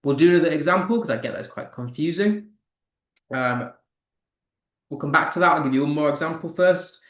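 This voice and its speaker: A man's voice: a little high, a little fast, reverberant. A man teaching English with a British accent, explaining patiently with frequent ums and restarts. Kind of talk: online lesson.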